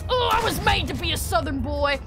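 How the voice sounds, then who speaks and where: A woman's voice: very high-pitched, lively intonation, fairly quick, over music. A woman putting on the voice of a brash young Southern country boy proud of his big gun, with a hollering, boastful drawl.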